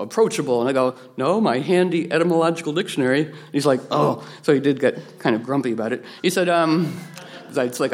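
A man giving a rambling spiritual talk, animated, acting out quotes from others with playful voices and frequent restarts. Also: medium pitch.

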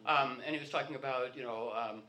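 A man's voice: medium pitch, steady tone, fairly quick, sharp tone. A man telling rambling anecdotes in a casual talk, acting out the dialogue of the people in his stories. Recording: echoey room.

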